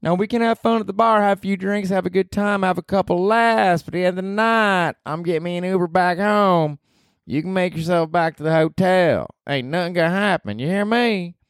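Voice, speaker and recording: Male comic doing a sassy gal, high and bossy, dry close mic. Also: a little fast, clean tone, no room sound. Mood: sassy scolding. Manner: bossy, drawling scolding. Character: brash Southern woman, sassy and blunt. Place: apartment.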